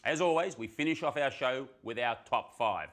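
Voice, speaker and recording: A man presents a health show. He runs through a countdown of tips in a chatty, upbeat tone and throws in quick asides along the way. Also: mid-range voice, animated, fairly bright tone. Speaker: host. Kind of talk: casual presenting.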